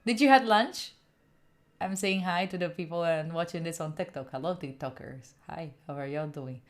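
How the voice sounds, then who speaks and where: A woman's voice: fairly low pitch, normal speed. A woman from Italy hosting a study live stream, chatting playfully with her viewers, laughing and swearing often. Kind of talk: casual live-stream chat.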